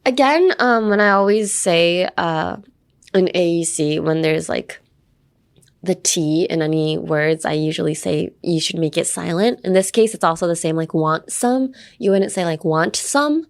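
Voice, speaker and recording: A woman's voice: normal speed, creaky. Playful American woman teaching English. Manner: chatty and playful, acting out lines with big pitch jumps. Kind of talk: casual podcast English lesson.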